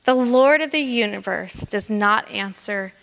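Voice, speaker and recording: A woman's voice: medium pitch, vocal fry, fairly bright tone. Woman preaching in a reverberant church. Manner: earnest, emphatic, slows down on key phrases. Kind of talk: sermon. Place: church sanctuary. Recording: long reverb of a church hall.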